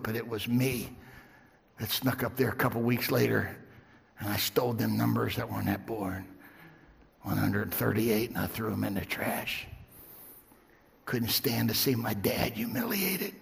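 A man preaching a sermon as pastor, telling a story in hushed tones and then rising to fervent, shouted encouragement. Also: mid-range voice, measured pace, creaky, long pauses, long reverb tail. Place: church sanctuary.

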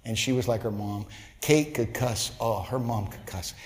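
A man, a pastor, telling a folksy story in a sermon, growing animated and loud at its climax. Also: on the low side, normal speed, long reverb tail. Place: church sanctuary.

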